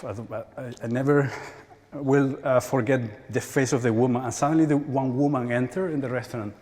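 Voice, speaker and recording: A man's voice: mid-range voice, fairly even intonation, darkish tone. Spanish guy in his 40s giving a talk, keeps repeating himself, laughs a lot, long echo in a big hall. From Spain. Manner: halting, repeats words, laughs often. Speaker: conference speaker. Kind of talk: conference talk. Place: large church hall. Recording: hall reverb.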